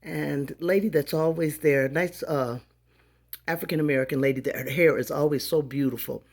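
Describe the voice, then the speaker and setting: A woman in her fifties telling a story in a casual vlog, animated and acting out the dialogue of the people in it. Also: low-pitched, moderate pace. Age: 50s. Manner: animated, acts out dialogue in voices. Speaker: vlogger.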